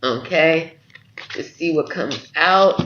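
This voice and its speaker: A man's voice: on the high side, takes it slowly, pushed and bright, lo-fi sound, a little hiss or hum. A man giving a spiritual tarot reading to his viewers, earnest and encouraging, often checking in with "okay?". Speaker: tarot reader.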